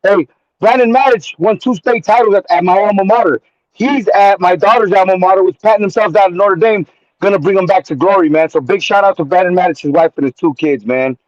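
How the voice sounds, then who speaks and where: A man calling in to a live show, telling an excited story in slangy, animated chat and calling the host man and homie. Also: high-pitched, brisk, no echo. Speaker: caller. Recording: muffled phone-line call.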